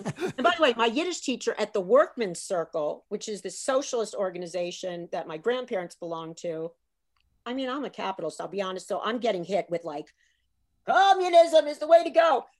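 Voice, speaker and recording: A middle-aged woman telling comic stories as a guest in a casual chat, animated and breaking into laughs. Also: mid-range voice, a little fast. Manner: animated, joking, laughs between lines.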